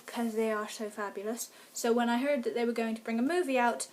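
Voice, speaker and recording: A woman's voice: on the high side, steady tone, a little fast, a little mellow, a little hiss or hum. A woman, chatting enthusiastically to camera as a book vlogger. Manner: enthusiastic, gushing fan talk. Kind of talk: casual review chat to camera.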